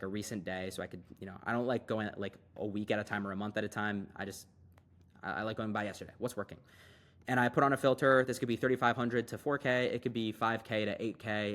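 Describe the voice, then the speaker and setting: A young man giving a casual, hyped screen-share tutorial as an online business coach, talking fast and loose with lots of fillers. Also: fairly low pitch, a bit bright.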